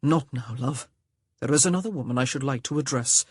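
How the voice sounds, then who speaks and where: A woman voicing a self-assured roguish gentleman, speaking in a dry, sardonic, clipped way in an audiobook. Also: extremely low pitch, a little fast, breathy edge, no room sound. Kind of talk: audiobook character voice.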